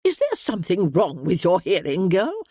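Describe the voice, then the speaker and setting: A woman's voice: on the low side, wildly swooping pitch, moderate pace, warm tone, no echo, studio quality. A woman voicing an imperious elderly noblewoman who scolds and commands in a storybook reading.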